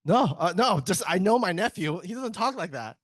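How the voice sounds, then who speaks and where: A man's voice: sits high, very animated, normal speed, no room sound. A man in IT giving a casual, joking conference presentation, chatty and often breaking off mid-sentence to restart. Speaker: IT speaker at a tech summit.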